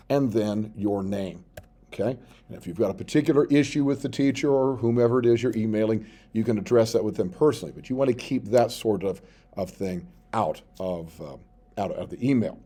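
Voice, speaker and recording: A male teacher giving a step-by-step tutorial, reading his sample text aloud slowly as he types it. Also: mid-range voice, lively intonation, darkish tone, slight background noise. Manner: explains step by step, reads out sample text slowly while typing. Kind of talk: screen-recorded tutorial.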